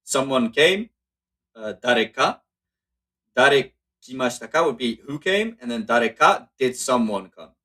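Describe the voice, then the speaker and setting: A man walks through a language lesson in a loose, conversational way. He is even in pitch, stops to correct himself, and fills his pauses with "uh" and "um". It sounds like an informal tutorial. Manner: relaxed, explaining with frequent fillers and self-corrections. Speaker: Japanese language teacher. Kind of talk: casual spoken lesson walkthrough.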